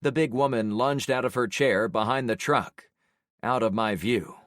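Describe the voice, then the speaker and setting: A man narrating a first-person audiobook in a measured storytelling way. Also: mid-range voice, a bit bright, no room sound, clean studio sound.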